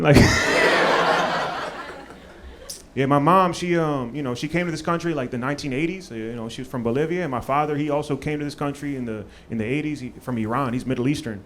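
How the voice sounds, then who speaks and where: A man's voice: medium pitch, a little fast, heavy background noise. A man from Maryland doing a stand-up comedy set on a club stage, loose and profane with lots of fillers. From Maryland, USA.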